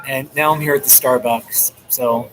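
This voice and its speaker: A man's voice: mid-range voice, fairly even intonation, moderate pace, noisy background. An American man from the New Jersey and New York area, chatting casually and rambling on a live stream from a coffee shop, recording through a laptop he holds up. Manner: rambling, chatty, frequent laughs. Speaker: vlogger. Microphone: laptop held up.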